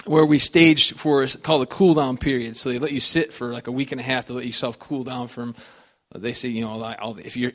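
A man's voice: a little high, a bit bright. A man telling personal stories as a guest speaker, rambling and folksy, full of "you know" and restarts. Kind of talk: personal testimony storytelling.

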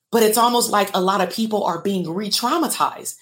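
A woman's voice: medium pitch, normal speed, few pauses, fairly bright tone. Candid woman coach talking live. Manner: emotional, candid, laughs often, swears. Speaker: business coach for therapists. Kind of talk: casual live stream talk to viewers.

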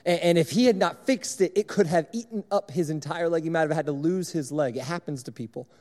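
A man's voice: fairly high pitch, a little fast, dark tone, big-room sound. A young man preaching a sermon to a room, in a conversational, illustrative way, repeating his points. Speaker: speaker at a church service.

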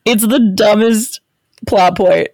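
A young woman in casual chat, making animated, indignant comments. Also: mid-range voice, slow pace, dry recording, clean studio sound. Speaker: podcast co-host.

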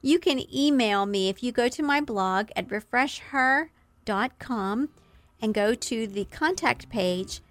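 A middle-aged woman hosting a podcast, giving an earnest devotional teaching talk and slowing down to stress key phrases. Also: a little high, expressive, no room sound. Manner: earnest, warm encouragement with slow emphatic quotes. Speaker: podcast host.

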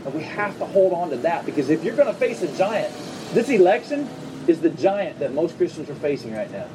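A male pastor preaching a sermon to his congregation in a church, speaking in a conversational way with quick asides and humor. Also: on the high side, big pitch swings, recorded from a distance, background noise. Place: church service before a congregation.

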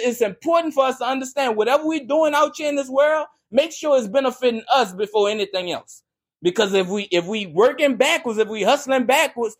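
A young man hosting a motivational podcast, talking in a hyped, preachy way and often asking "you feel me". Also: extremely high pitch. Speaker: podcast host.

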